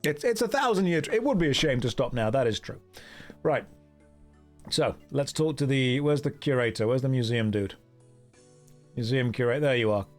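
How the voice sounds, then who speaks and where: A man's voice: mid-range voice, expressive, moderate pace, long pauses, faint music behind. A man streaming a game, chatting casually, joking and reading chat aloud. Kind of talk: casual gameplay commentary.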